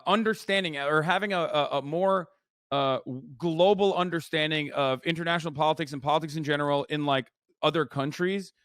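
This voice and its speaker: A man's voice: fairly high pitch, dry recording. Profane ranting male streamer, dry mic. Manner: animated ranting, heavy swearing, sarcastic. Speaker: streamer reacting to a video. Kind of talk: casual profane commentary.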